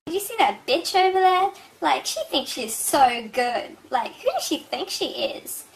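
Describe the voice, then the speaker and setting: A woman's voice: high voice, sing-song, measured pace, creaky, pitched above the performer's own voice, full character voice, low-quality recording. A woman putting on the voice of a jealous young woman gossiping about a rival, whiny and full of "like" fillers. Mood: catty. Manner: whiny, valley-girl "like" filler.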